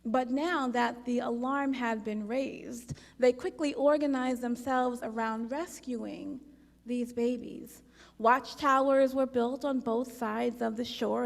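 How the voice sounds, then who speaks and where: A woman leading a congregation service, telling a parable in an unhurried, gentle storytelling manner. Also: a little high, gravelly. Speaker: worship leader. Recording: long hall reverb.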